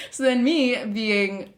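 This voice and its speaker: A woman co-hosting a podcast, chatting casually and telling stories with lively acted-out quotes. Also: a little high, drawn-out words. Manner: animated storytelling, acting out quotes. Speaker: podcast co-host. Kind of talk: casual chat. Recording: echoey room.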